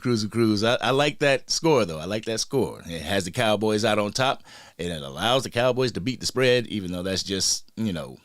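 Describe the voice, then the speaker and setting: A man hosting a sports fan livestream in a casual, hyped way, shouting out people in the chat. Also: fairly low pitch, expressive, moderate pace, dry recording, clean studio sound. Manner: hyped, shout-outs to chat, frequent slang.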